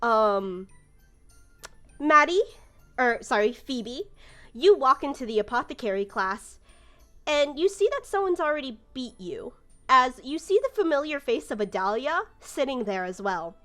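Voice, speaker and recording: A woman's voice: sits high, very animated, a little slow, fairly bright tone, soft background music. A woman running a tabletop game as game master, narrating casually with lots of fillers. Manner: casual, rambling with many fillers.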